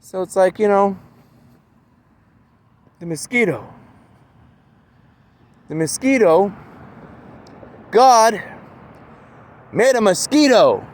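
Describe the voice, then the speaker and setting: A man's voice: high voice, lively intonation, very slow, long pauses. A man talking in a rambling, meandering casual monologue outdoors, full of fillers. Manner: meandering, with constant fillers like "man" and "you know".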